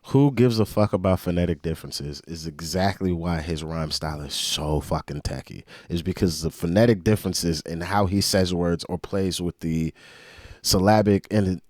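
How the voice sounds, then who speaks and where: A man in his young adult years, hosting a reaction video and picking apart rap lyrics in excitable, profane casual commentary. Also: sits low, moderate pace, dry recording, studio quality. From United States.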